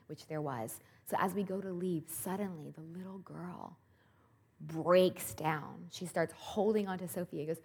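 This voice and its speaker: A woman's voice: lowish voice, moderate pace, gravelly, slightly rough. A woman in her thirties giving an earnest devotional talk, telling a story with animation. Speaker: speaker at a Christian event.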